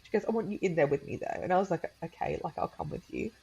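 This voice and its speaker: A low, gravelly woman's voice with a darkly mellow tone, heard on a dull, lo-fi recording. She is in her thirties and talks in a chatty, rambling way, full of fillers and small laughs as she tells her own story. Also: wildly swooping pitch, fast talker, slight background noise. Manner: chatty, many fillers and laughs, acts out her daughter's lines in a high voice. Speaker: podcast guest. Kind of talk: emotional personal storytelling.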